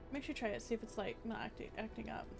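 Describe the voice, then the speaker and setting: A young woman streaming live, chatting casually and excitably to her chat, rambling and laughing at herself. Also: a little high, very fast, vocal fry, over music. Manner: excitable, rambling, self-deprecating, laughs often. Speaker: VTuber streamer.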